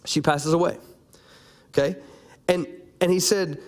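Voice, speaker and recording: Male pastor, sermon delivery, animated and teasing with the room, voice a touch high. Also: a little slow, long pauses. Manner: animated, playful, calls out to the congregation.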